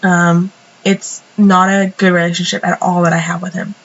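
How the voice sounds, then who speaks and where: A woman's voice: lowish voice, little pitch movement, normal speed, dull audio. A young woman with a cold telling a story in a casual, rambling voice-over, full of fillers and restarts. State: sniffly from a cold. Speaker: planner vlogger.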